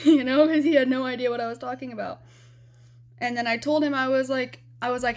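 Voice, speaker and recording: A woman's voice: sits high, fairly even intonation, a little fast. A young woman from Arizona telling a personal story to her camera in a rambling, frank way, swearing freely and filling gaps with "you know". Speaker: vlogger.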